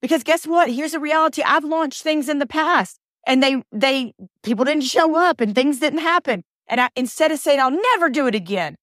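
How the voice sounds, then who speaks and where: A woman's voice: high voice, normal speed, hardly any pauses, dry recording, studio quality. Earnest woman giving a pep talk. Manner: earnest, animated pep talk with repeated phrases. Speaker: podcast host and coach. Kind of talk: motivational podcast monologue.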